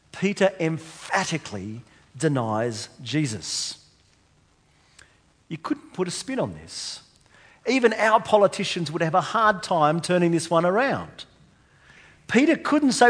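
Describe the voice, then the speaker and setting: Male preacher, lively rising and falling pitch, slightly high voice, rhetorical questions, echoing church hall. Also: unhurried, husky. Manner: emphatic, asks the congregation rhetorical questions. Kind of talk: sermon. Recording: long hall reverb.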